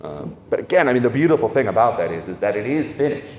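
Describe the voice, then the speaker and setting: A man preaching an informal sermon on catechism, conversational and animated, often asking "right?" between points. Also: mid-range voice, fast talker, muffled recording, background noise. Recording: echoey hall, faint ambience.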